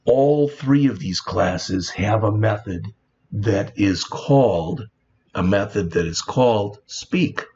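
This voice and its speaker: Slow, low-voiced man teaching code. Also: expressive, a little mellow. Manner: plain, unhurried explaining with frequent "all right". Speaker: programming teacher. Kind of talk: screen-recorded coding tutorial. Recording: dull lo-fi sound with faint background noise.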